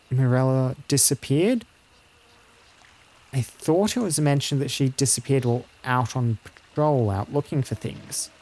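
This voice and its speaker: A man's voice: medium pitch, a little mellow. A man doing let's play commentary on a game, thinking aloud in an analytical way. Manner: musing, analytical. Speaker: game streamer.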